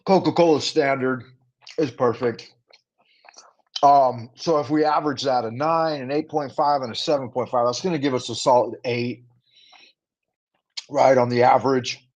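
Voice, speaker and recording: A man's voice: mid-range voice, steady tone, moderate pace, pauses often. A man in the middle of his range, chatting loosely to viewers on a livestream and tossing in playful rhymes. His audio sounds a bit dull and lo-fi, like a home stream setup. He rambles casually between food ratings and side topics. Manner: playful, rhyming patter, chatty asides to viewers. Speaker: livestream host.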